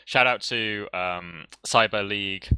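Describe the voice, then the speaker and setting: Bright, giggly man giving rambling shout-outs. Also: lowish voice, slow pace, clear, resonant tone, no echo. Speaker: tournament caster. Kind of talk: casual stream wrap-up chat.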